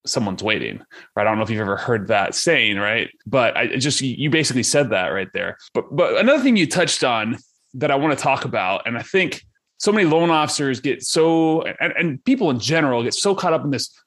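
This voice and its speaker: A man with a mid-range voice hosts a casual podcast interview. He speaks in halting phrases and restarts words as he works toward his questions. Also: mid-range voice, animated, fairly bright tone. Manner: halting, repeats words as he gathers thoughts. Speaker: host.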